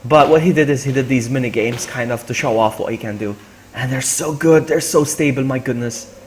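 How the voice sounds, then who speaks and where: A man streaming a game live, excitable and laughing often as he greets viewers by name. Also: mid-range voice, a little fast, a little hiss or hum. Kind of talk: live-stream gameplay chat.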